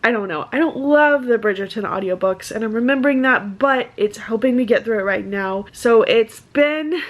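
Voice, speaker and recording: A woman's voice: on the high side, moderate pace, dull audio. A young woman vlogging casually about her reading, chatty and rambling with lots of fillers. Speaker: book vlogger. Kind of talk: casual vlog chat.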